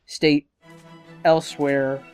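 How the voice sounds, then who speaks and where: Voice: medium pitch, flat delivery, slow pace, darkish tone, faint music behind. A YouTuber giving casual, rambling commentary over a game playthrough, talking to himself about where to go. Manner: rambling, self-talking, hesitant fillers. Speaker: let's-play commentator.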